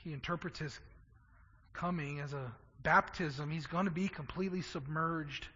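A man with a high, bright, husky voice preaches a passionate sermon, doubling words as he presses his points. The sound is dull and lo-fi, carried by a long echo from a large hall. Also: normal speed. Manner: impassioned, stammering repeats for emphasis.

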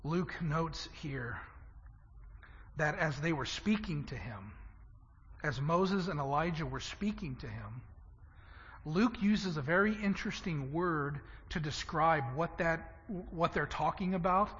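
A man preaching a sermon, swinging from loud emphatic lines to hushed ones. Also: a little high, expressive, slow, big-room sound, dull audio. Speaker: pastor.

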